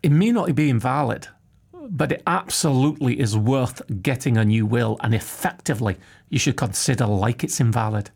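A man's voice: mid-range voice, expressive, vocal fry, a little mellow, breathy edge. A man putting on a Scottish accent to play an earnest male solicitor, chewing his consonants. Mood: advising. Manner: deliberate, heavy consonants.

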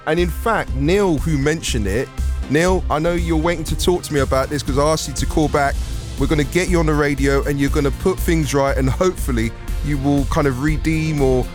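A man's voice: fairly high pitch, fairly quick, soft background music. A male radio presenter chatting with a caller on a phone-in show, talking in a friendly way with plenty of fillers. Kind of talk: phone-in chat. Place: radio studio.

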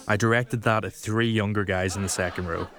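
A man's voice: fairly low pitch, fairly even intonation, a little fast, fairly bright tone. A man commenting on his own stand-up set, talking in a reflective, dry way.

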